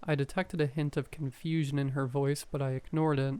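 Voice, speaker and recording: Smooth-voiced man narrating horror. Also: mid-range voice, little pitch movement, a little fast, darkish tone. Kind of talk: scripted first-person horror narration.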